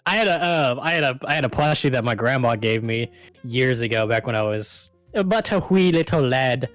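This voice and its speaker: A man's voice: medium pitch, brisk, fairly bright tone, no room sound, faint music behind. A man hosting a live stream in casual chat, a rambling storyteller who swears constantly. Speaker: stream host.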